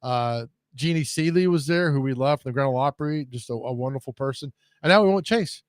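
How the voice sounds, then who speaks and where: A man's voice: medium pitch, a little fast, no room sound. A man hosting a radio show, telling rambling, jokey stories in casual chat.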